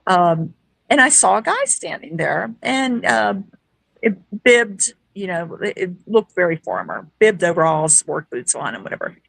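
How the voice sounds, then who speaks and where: A woman's voice: on the low side, a little slow, creaky, no room sound, rough recording. A woman guest who is a paranormal investigator, telling a story casually and acting out quoted dialogue. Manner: lively, acts out quoted dialogue.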